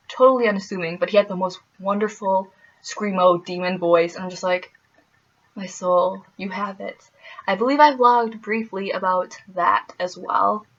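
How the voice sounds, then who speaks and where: A woman's voice: mid-range voice, fairly bright tone, highs cut off. A young woman from the American Midwest chatting casually in a vlog, laughing often and full of fillers. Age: young adult. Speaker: vlogger.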